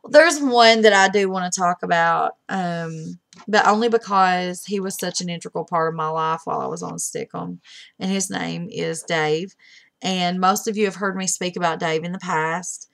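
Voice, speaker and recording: A middle-aged woman speaks in a low voice with a gravelly edge. She says a heartfelt, halting goodbye to the friends she made online, pausing often as she fights back tears. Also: fairly bright tone. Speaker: webcam streamer. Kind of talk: emotional farewell message.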